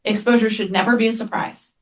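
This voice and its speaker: Animated woman clinician telling stories. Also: a little high, fast. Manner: animated storyteller, frequent "right?" tag questions. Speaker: therapist and webinar presenter. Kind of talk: conversational webinar talk.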